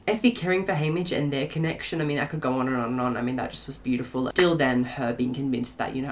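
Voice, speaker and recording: A woman book reviewer in a casual spoiler rant to camera, gushing and excitable, often restarting her sentences. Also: very deep voice, quick pace, few pauses, slight background noise.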